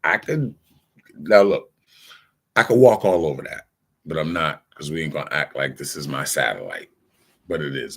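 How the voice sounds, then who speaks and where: Gravelly deep-voiced man ranting on a livestream. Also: a bit bright. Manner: streetwise slang-heavy storytelling, acting out quoted exchanges; insistent, defensive. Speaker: livestream host. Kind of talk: casual livestream rant.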